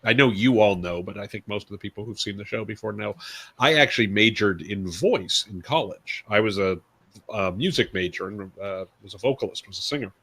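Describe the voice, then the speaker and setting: A man's voice: on the low side, brisk, a bit bright, slightly rough. A man co-hosting a casual panel show, friendly and rambling, laughing easily as he talks. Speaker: co-host.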